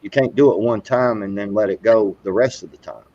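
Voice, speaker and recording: A man's voice: lowish voice, fairly quick, dark tone, dry recording. Rambling middle-aged man, muffled sound. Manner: rambling, many "you know" fillers and restarts. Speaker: podcast host. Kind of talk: casual live talk show chat.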